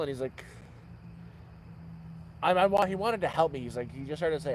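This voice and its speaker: A man telling stories on a late-night livestream from his outdoor camp. His voice sits a little higher than most men's. He rambles and backtracks, restarting sentences as he goes. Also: lively intonation, brisk, long pauses, a little mellow, a little hiss or hum, poor audio. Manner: rambling, self-correcting storyteller. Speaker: vlogger living outdoors. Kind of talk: casual storytelling livestream.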